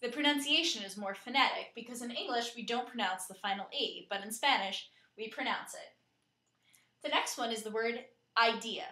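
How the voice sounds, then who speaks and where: A woman narrating a scripted lesson in a clear, steady way, slowing down to spell out and pronounce words. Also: fairly high pitch, roomy sound. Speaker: teacher.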